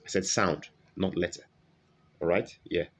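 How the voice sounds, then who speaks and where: Slow, deep-voiced male pronunciation teacher. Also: fairly even intonation, husky. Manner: slow, repetitive, modelling sounds, frequent "okay?" check-ins. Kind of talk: online phonetics lesson.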